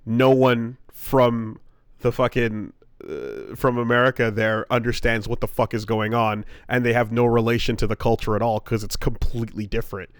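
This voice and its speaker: Male podcast co-host, relaxed and profane, mid-pitched voice, dry close mic. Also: moderate pace, smooth, no room sound. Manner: laid-back, swearing, slips into mock mobster voice. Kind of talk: casual chat.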